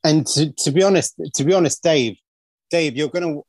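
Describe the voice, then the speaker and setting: A man's voice: a little high, normal speed, darkish tone, dry recording. A man co-hosting a film podcast, talking in a rambling way and often repeating himself as he looks for the words. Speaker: podcast co-host. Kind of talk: casual chat.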